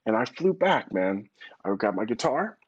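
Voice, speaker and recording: A man as a podcast guest, telling stories in an animated, slangy way with casual swearing. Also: on the low side, moderate pace, breathy edge, dry recording, dull audio. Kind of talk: casual storytelling chat. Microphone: phone call-in.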